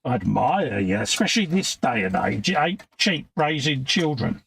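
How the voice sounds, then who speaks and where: A man's voice: mid-range voice, big pitch swings, moderate pace, gravelly, fairly bright tone, husky. A man in his fifties, a livestream co-host chatting casually while he builds a model, laid-back and full of slang.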